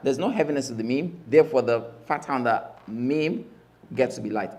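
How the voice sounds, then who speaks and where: A man teaching Arabic letters in a mosque class, slowly drilling each sound and repeating the spelling emphatically. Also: mid-range voice, darkish tone. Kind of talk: classroom lesson.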